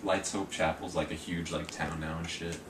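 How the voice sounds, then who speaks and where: A man's voice: extremely low pitch, level tone, moderate pace, distant mic, noisy background. A young man chatting about a video game in a laid-back, joking way. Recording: echoey room.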